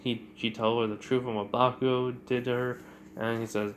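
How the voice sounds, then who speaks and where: A man's voice: medium pitch, little pitch movement, normal speed, a little hiss or hum. A man casually retelling a fan-made story in a rambling way, full of fillers.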